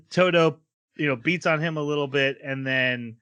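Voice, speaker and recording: A man's voice: a little high, normal speed, a bit bright, smooth. A man hosting a casual anime podcast, recapping episodes and laughing often. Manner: laughs often while recapping plot, acts out quotes. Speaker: podcast host.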